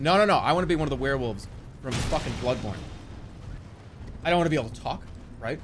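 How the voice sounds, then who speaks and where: A man in his forties, a live streamer, chatting casually to his audience and arguing a point in a rambling, animated way with lots of fillers and some swearing. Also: medium pitch, fast talker, long pauses, a little hiss or hum. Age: 40s.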